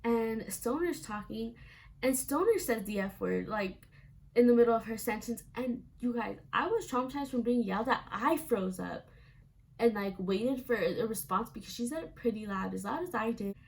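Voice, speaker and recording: A woman's voice: on the high side, expressive, normal speed, creaky, darkish tone. A young woman vlogger telling a casual storytime, chatty and full of "like" fillers, acting out quoted lines.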